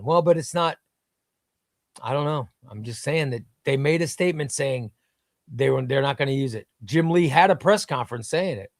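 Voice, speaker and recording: In a slightly high voice at normal speed, a man running a live comics show chats casually and eagerly, wandering off on tangents as he reads out viewer comments. The recording is dry and studio quality.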